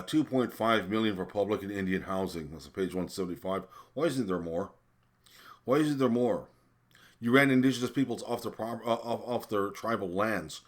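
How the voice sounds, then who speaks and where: Reeling off spending figures, an indignant American vlogger delivers ranting commentary in a very low voice. His anger mounts, and he swears, trips over his words and fills gaps with fillers.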